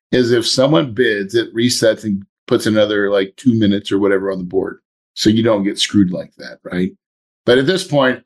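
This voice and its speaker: A man hosting a podcast, telling a story in a casual, animated way and acting out his own thoughts. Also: medium pitch. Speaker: podcast host.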